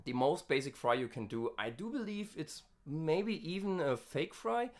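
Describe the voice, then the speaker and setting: A scream vocalist in a casual practice diary, winded from screaming, with a gravelly fry texture, chatting between takes and sometimes dropping to a hushed whisper. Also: medium pitch, expressive, normal speed, noisy background.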